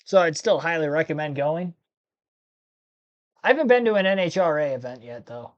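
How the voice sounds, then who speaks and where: A man from Ohio chats casually through a livestream. He rambles, second-guesses dates and corrects himself out loud. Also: fairly high pitch, lively intonation, normal speed, muffled recording. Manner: rambling, laughs while talking, self-correcting. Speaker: livestream host. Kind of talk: casual live commentary chat.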